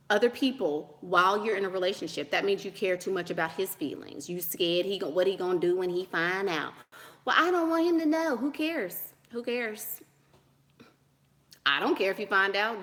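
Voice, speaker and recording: A woman vlogger with a mid-range, fairly bright voice fields viewers' dating questions in a casual advice monologue. She's blunt, sassy and dismissive, laughing often, repeating lines for emphasis, and calling people "honey" and "girl."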